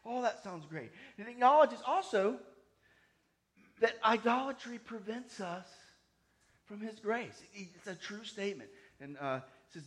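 A man preaching a sermon, emphatic, swinging between loud high stresses and quiet asides. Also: very animated, unhurried, long pauses. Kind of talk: sermon teaching.

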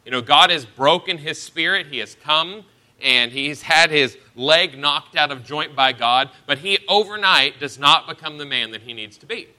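Bright-voiced man preaching a sermon. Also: fairly high pitch, moderate pace. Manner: expository preaching, verse-by-verse Bible teaching.

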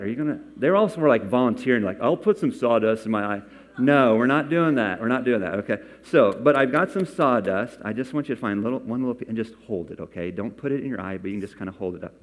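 A man's voice: fairly low pitch, lively intonation, quick pace. A man preaching a sermon as pastor in a church, talking conversationally and coaxing volunteers from the congregation. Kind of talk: sermon with scripture reading. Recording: long reverb from a large hall.

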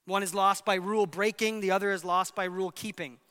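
A man preaching a sermon as pastor, emphatic, swinging between loud passages and hushed ones. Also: sits high, steady tone, a little fast, clean tone, big-room sound.

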